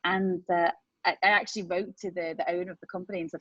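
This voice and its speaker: A woman talking as a medical guest on a podcast, emphatic and animated as she explains. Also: fairly low pitch, fast, husky, no echo. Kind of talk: casual podcast chat. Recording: dull dry podcast audio.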